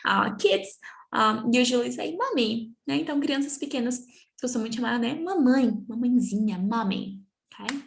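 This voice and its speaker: A young Brazilian woman, a native Portuguese speaker with a Brazilian accent, teaching English family words in a slow bilingual lesson, drawing out and repeating each word. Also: a little high, lively intonation, gravelly. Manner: slow, drawn-out repetition of words for students.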